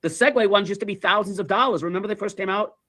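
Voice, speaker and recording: High, bright-voiced man telling stories. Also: rapid-fire, no room sound. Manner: animated, profane storyteller who repeats himself. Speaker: livestream host. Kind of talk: casual chat.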